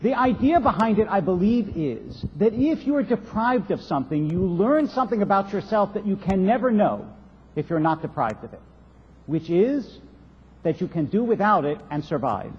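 Husky rabbi preaching in an echoing hall. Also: male voice, high-pitched, big pitch swings. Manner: storytelling, measured, rhetorical questions. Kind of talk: sermon. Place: synagogue sanctuary. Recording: dull lo-fi recording in a reverberant hall.

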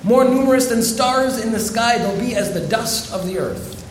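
A man, a rabbi, giving a storytelling sermon, delivered with dramatic pauses. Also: very high voice, echoey room, a little hiss or hum.

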